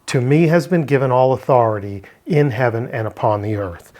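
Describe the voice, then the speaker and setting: A man teaching a verse-by-verse Greek word study, explaining step by step and posing rhetorical questions. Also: medium pitch. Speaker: Bible language teacher.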